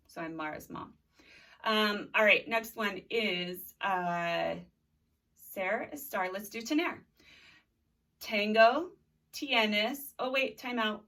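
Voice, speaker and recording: Her voice medium in pitch and a little bright, a thirties-aged Spanish teacher runs a video lesson on a distant mic. She drills words and cues students to repeat after her.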